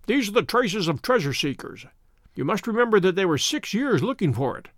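A man voicing a calm, keen male detective who speaks in a crisp, firm way. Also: high-pitched, a little fast, no room sound, studio quality. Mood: matter-of-fact.

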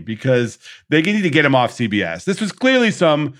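Animated male podcast host, mock outrage. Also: a little high, moderate pace. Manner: animated, rants with mock outrage and acted quotes. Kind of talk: casual chat.

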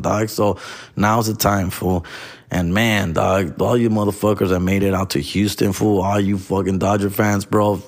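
Los comedian, lower voice, heated slangy rant with Spanish mixed in. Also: male voice, a little mellow. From Los Angeles. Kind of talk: profane casual rant.

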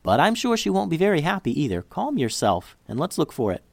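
A man's voice: a little high, huge pitch swings, brisk, vocal fry, no room sound, voice pushed up, heavily acted. A man voicing a kind, motherly woman who comforts a child at a party, speaking in a reassuring way. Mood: soothing. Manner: soothing and reassuring.

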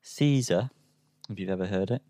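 A man's voice: deep voice, normal speed, dark tone, no echo, studio quality. A man co-hosting a casual album review chat, hesitant and self-deprecating, full of ums. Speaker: podcast co-host reviewing albums.

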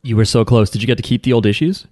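A man's voice: medium pitch, racing, darkish tone, no room sound, studio quality. A man co-hosting a podcast in casual chat, telling rambling stories full of "like" and restarts. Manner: rambling storyteller, lots of "like" and restarts. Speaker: podcast co-host.

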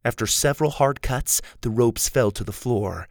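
A man narrating a children's adventure story in a lively storytelling manner. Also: mid-range voice, moderate pace, vocal fry, no room sound, clean studio sound.

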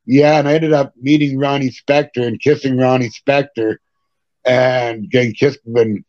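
A middle-aged man, a punk rock singer, telling stories as a podcast guest in a casual, animated way, swearing and laughing between anecdotes. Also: mid-range voice, moderate pace, dry recording. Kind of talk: casual interview storytelling. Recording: dry, dull lo-fi sound.

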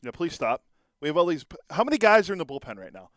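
Fast-talking co-host man, casual banter. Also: fairly high pitch, big pitch swings, a bit bright, dry recording, clean studio sound. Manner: casual, quick back-and-forth banter. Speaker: sports podcast co-host. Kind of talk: sports talk show.

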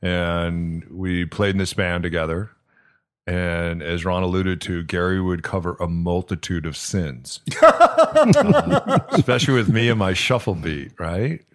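A man's voice: deep voice, expressive, measured pace. A man in his fifties hosting a friendly interview, asking rambling questions and reminiscing with his guest. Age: 50s. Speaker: podcast host. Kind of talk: casual interview chat.

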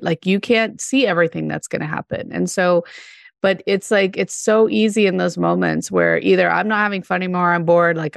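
A woman's voice: fairly low pitch, vocal fry, no room sound, studio quality. A woman co-hosting a podcast, chatting casually about a TV episode, with lots of fillers and frequent laughs. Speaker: podcast co-host. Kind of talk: casual chat about a TV show.

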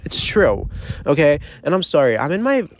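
A man's voice: on the high side, very animated, normal speed. A young man hosting his podcast in casual solo chat, rambling with many fillers and giggling, talking outdoors on the water. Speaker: podcast host.

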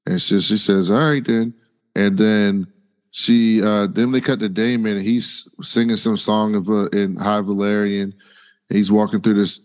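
Man casually recapping a show. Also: on the low side. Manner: retells scenes in slangy paraphrase, animated voices for quotes. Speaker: podcast co-host.

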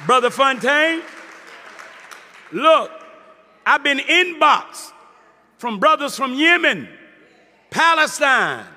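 High-voiced man preaching emphatically in a hall. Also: sing-song, slow pace, long pauses, sharp tone, a little hiss or hum. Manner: emphatic, calls out to the crowd. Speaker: Muslim minister. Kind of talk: preaching to a live audience.

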